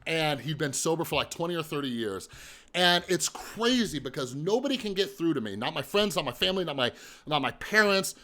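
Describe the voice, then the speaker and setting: A man's voice: fairly high pitch, animated, a little fast, bright, forceful tone. A man in his thirties telling his own story on a vlog, blunt and profane, with emphatic repetition and rhetorical asides to the listener. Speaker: mental health vlogger. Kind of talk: candid personal storytelling.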